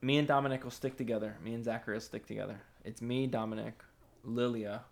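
A man's voice: mid-range voice, fast talker, gravelly, noisy background. A man in casual podcast chat, telling gaming stories with lots of laughing and swearing. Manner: laughs often, swears, animated storytelling.

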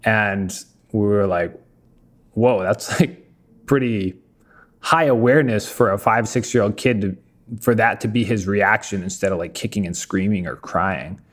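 A man with a fairly low voice hosts a relaxed conversation, wandering through an anecdote before getting to his question. He speaks easily, thoughtfully, as if among friends. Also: normal speed. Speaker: podcast host. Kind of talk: casual interview chat.

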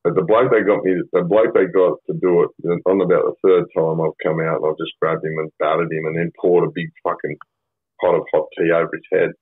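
A middle-aged Australian man with a low, husky voice, telling a story in a blunt and sweary way that wanders and circles back. The sound is thin and tinny, like a phone line, with very dry acoustics. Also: level tone, brisk, no room sound. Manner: blunt, sweary, rambling with many fillers. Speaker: podcast guest. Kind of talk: casual storytelling.

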